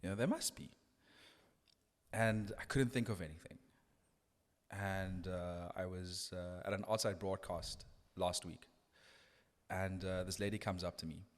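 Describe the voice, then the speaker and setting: An earnest man recounts a story at a thoughtful pace. His voice sits low, and the room leaves a long reverb trail behind each phrase. He restarts his sentences often as he reflects. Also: fairly even intonation, measured pace. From South Africa. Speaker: radio DJ guest. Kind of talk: casual podcast conversation.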